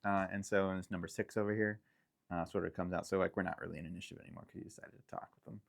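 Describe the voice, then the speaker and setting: Hesitant woman game master, very low voice. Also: steady tone, rapid-fire, gravelly. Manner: hesitant, filler-heavy, laughing often. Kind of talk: narrating a tabletop game.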